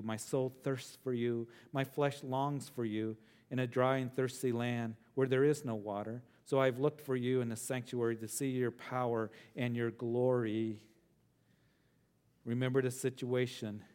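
A man's voice: mid-range voice, darkish tone. Male pastor, middle-aged, verse-by-verse sermon, earnest, repeats for emphasis. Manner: earnest, repeats phrases for emphasis, slows on key words. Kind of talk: verse-by-verse Bible teaching sermon.

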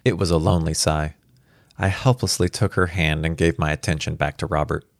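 A man narrating a first-person story aloud in a measured, even way. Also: rumbling low, dry recording, clean studio sound. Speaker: audiobook narrator.

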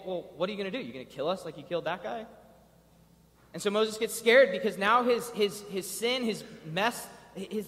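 A man preaching a sermon and reading scripture aloud, telling the story with animated emphasis that swings between loud and hushed. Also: on the high side. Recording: reverberant hall.

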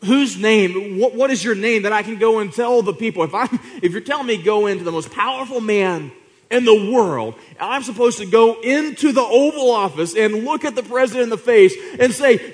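High-voiced man preaching dynamically. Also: animated, normal speed. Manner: dynamic, swings from hushed to loud and back; repetitive, rhetorical questions to the congregation. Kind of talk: sermon.

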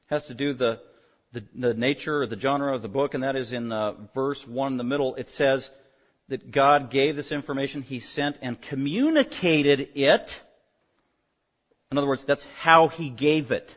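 A man preaching an expository sermon as pastor, emphatic and surging louder on key words. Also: mid-range voice. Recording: muffled lo-fi sermon recording.

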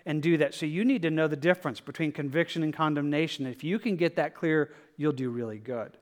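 A man preaching a sermon as pastor, earnest and repetitive, often dropping to a soft, gentle tone. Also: on the high side, a little fast. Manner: earnest, repetitive, drops to soft tones for quoted prayer.

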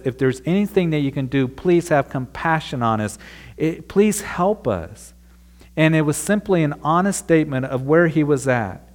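A man preaching a sermon in a church room, reading a passage aloud and then explaining it earnestly to the congregation. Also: medium pitch. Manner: earnest preaching, reads scripture then expounds it. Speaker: pastor.

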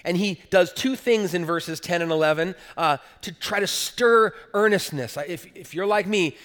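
A man's voice: high voice, normal speed, fairly bright tone. A man preaching a sermon as pastor, earnest and emphatic, often repeating words as he builds a point. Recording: long reverb of a church hall.

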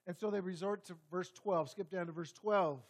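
A man preaching a sermon in a church sanctuary, swinging dramatically between loud, forceful passages and hushed ones. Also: high voice, fairly even intonation, normal speed, husky. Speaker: pastor.

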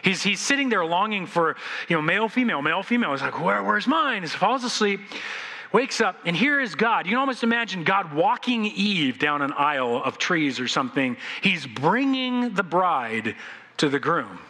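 A man preaching a sermon as pastor, animated and playful, acting out the scenes he describes. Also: sits high, moderate pace, in a large hall, rough recording. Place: church sanctuary.

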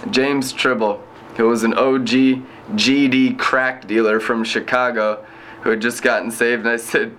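Missionary man in his thirties, bright forceful voice, lively storytelling testimony. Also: mid-range voice, a little slow, slight background noise. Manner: animated, laughs often while telling his story. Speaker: inner-city missionary and broadcaster. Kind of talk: personal faith testimony.

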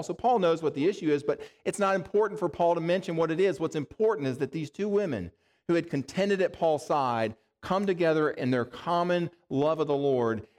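A man with a somewhat raised pitch preaches a sermon in a chatty, explanatory way. He often asks rhetorical questions and stops to make a point. His voice carries a long reverb from a large hall. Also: darkish tone. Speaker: pastor.

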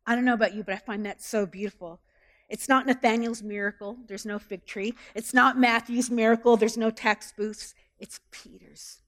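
A woman pastor preaches to her church in an animated way, asking her listeners many questions. Her voice sits a little high for a woman. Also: moderate pace. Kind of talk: sermon.

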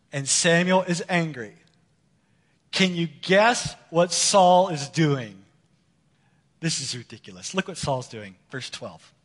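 A man's voice: high voice, a bit bright. A man preaching a sermon in a conversational way, asking his listeners questions and repeating his key phrases. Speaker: pastor. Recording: long reverb in a large hall.

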